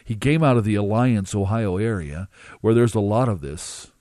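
A man recounting a dramatic first-person testimony as a minister, emphatic and halting, with drawn-out pauses. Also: on the low side, expressive, warm tone, dry recording, clean studio sound.

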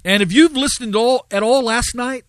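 A man's voice: extremely high pitch, normal speed, fairly bright tone, dry recording. A man hosting a live radio talk show, telling a story and preaching in an earnest cadence with frequent fillers.

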